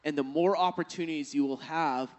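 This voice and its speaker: High-voiced man preaching a sermon. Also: brisk. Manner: storytelling, rising to emphatic exhortation. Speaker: pastor. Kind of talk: sermon with personal story.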